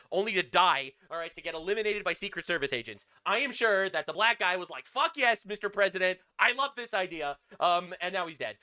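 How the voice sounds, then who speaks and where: Male streamer, high and very bright voice, crude sarcastic news rants. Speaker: live-stream news commentator. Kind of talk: ranting news reaction stream.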